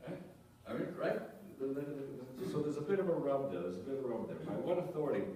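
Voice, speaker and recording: Here the male pastor sounds animated and mellow, medium in pitch and quick in pace. His sermon stays conversational, full of questions to the congregation and repeated phrases, picked up by a far-off mic in an echoey sanctuary.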